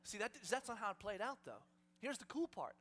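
A man's voice: high voice, very animated, a little fast, a bit bright. A male pastor preaching a sermon to a congregation, telling stories with humor and animation.

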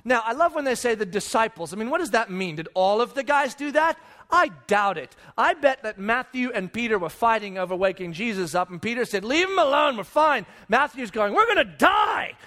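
A pastor preaching a sermon, telling the story in an animated, conversational way, asking rhetorical questions and talking straight to his listeners. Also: sits high, a little fast. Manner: conversational, addresses listeners directly.

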